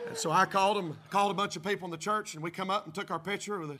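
A man's voice: high voice, fast talker, bright, forceful tone. A man preaching a sermon, telling a folksy story and working up to fervent preaching. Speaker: pastor.

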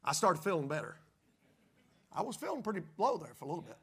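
Bright-voiced folksy preaching man. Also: high voice, big pitch swings, fast, breathy edge. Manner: folksy, rising to fervent preaching. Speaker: pastor. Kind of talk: storytelling sermon.

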